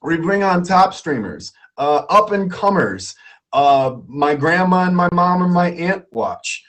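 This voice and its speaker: A man's voice: high voice, expressive, measured pace, fairly bright tone. A man hosting a live stream quiz in a playful way, laughing often and repeating himself.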